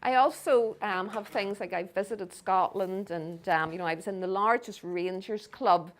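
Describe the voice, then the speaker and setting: A medium-pitched woman at a moderate pace: she's middle-aged, from Northern Ireland, with a Belfast accent. During her slide lecture she tells stories and acts out the voices of those she quotes.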